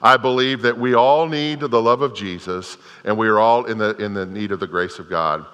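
A man's voice: fairly low pitch, normal speed, a bit bright, clear, resonant tone, muffled recording. A middle-aged man preaching a sermon as a pastor, telling a story in a folksy way with many restarts. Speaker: Methodist pastor. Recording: long hall reverb.

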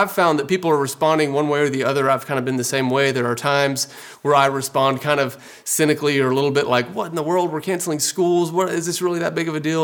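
A man's voice: mid-range voice, a bit bright. A man preaching a sermon in an earnest, conversational way, with frequent fillers. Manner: conversational, earnest, many fillers like "you know". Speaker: pastor.

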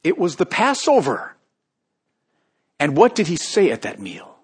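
A man preaching a sermon, moving between hushed, quiet passages and loud, emphatic calls to the congregation. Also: fairly high pitch, wildly swooping pitch, unhurried, pauses often, breathy edge. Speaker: pastor.

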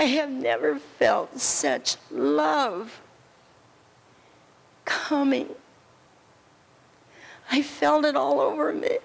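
A woman telling an earnest story as a friend at a memorial service, repeating words slowly for weight. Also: high voice, sing-song, vocal fry, a little hiss or hum, rough recording. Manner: earnest, slow and repetitive storytelling. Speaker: friend giving a tribute.

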